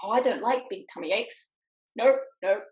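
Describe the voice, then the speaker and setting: A woman's voice: medium pitch, normal speed, reverberant. A woman reading a picture book aloud to children over a video call, switching between character voices. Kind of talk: storytime read-aloud.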